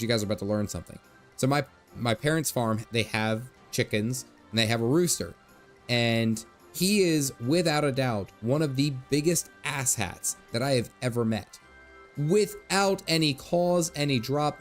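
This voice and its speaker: A chatty man livestreaming a video game, talking casually and telling stories with laughs and asides. His voice sits at an ordinary middle pitch, with faint game music playing underneath. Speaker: gaming livestreamer. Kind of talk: casual chat over gameplay.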